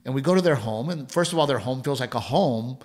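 A man's voice: mid-range voice, expressive, fast. Rambling laid-back man. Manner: rambling, repeats words, laughs while telling a story. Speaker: podcast co-host. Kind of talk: casual chat, storytelling.

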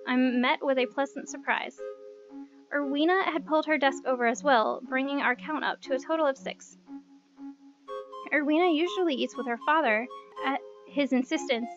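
A woman reads a visual novel aloud in an expressive, high voice, dropping in playful asides. The recording is dull and lo-fi. Music plays clearly in the background. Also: normal speed. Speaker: narrator.

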